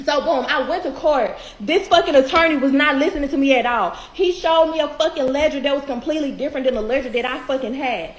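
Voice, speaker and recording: A woman's voice: high voice, fast talker, few pauses. A woman in her twenties ranting angrily about her eviction, swearing and repeating herself for emphasis. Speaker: tenant telling her eviction story. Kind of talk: angry profane rant. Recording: echoey room with faint noise.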